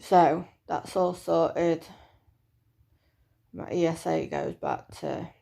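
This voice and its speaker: A woman's voice: low-pitched, very animated, slow, vocal fry, mellow. A woman in her thirties giving a chatty, hesitant personal vlog update with lots of fillers. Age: 30s. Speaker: vlogger.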